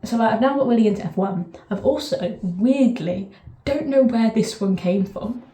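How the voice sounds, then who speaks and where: A woman's voice: medium pitch, moderate pace, mellow, echoey room. A woman vlogger chatting casually to camera, rambling with frequent fillers and self-corrections.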